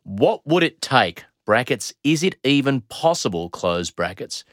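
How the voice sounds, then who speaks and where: Man, podcast host, playful questioner, animated pitch, dry sound. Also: a little slow, dry recording. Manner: playful, asks questions for listeners. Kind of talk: casual science podcast chat.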